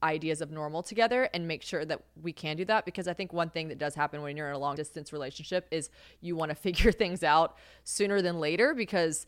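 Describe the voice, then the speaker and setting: A woman's voice: low voice, fast, no room sound, studio quality. A young woman hosting a casual solo podcast, rambling and swearing freely, laughing often. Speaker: podcast host. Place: home kitchen.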